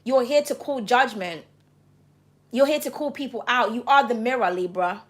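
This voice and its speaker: A woman's voice: a little high, moderate pace. A woman giving a tarot reading to camera, talking passionately and bluntly, with frequent swearing. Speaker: tarot reader.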